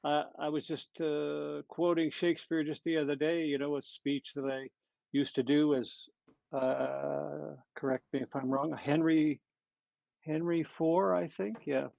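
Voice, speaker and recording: A middle-aged man with a Canadian accent, a comedian talking casually in an interview and pausing often with fillers and restarts. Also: on the high side, level tone, gravelly, no room sound. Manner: halting, with many fillers and restarts. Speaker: comedian guest. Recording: dull lo-fi dry sound.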